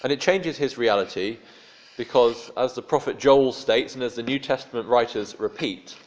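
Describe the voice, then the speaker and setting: A man's voice: mid-range voice, normal speed, a little hiss or hum. A man preaching a sermon in a conversational storytelling way with dry humor. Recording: dull lo-fi sermon recording.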